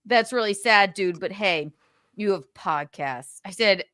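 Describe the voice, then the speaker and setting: A woman's voice: on the low side, expressive, slow pace, fairly bright tone, no echo, clean studio sound. A woman hosting a livestream, chatting indignantly about a feud, swearing often and reading out messages. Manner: indignant, swears a lot, reads out texts. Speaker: livestream host. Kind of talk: casual gossip chat.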